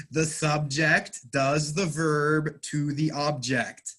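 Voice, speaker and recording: A male English teacher leading a class, his voice sitting a little high. He speaks slowly and patiently, spelling out meanings clearly and encouraging his students as he goes. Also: little pitch movement, pushed and bright. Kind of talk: online class recap.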